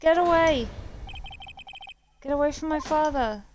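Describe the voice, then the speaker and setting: A woman's voice: high voice, a little slow, a little mellow, a little hiss or hum. Wry woman streaming a game. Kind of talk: live game commentary. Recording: game music behind. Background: game music.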